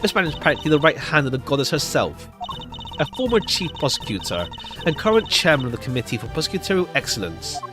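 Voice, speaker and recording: A man's voice: on the high side, sing-song, fast talker. A man voicing a brash young male detective who speaks indignantly and commandingly, with music behind. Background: background music.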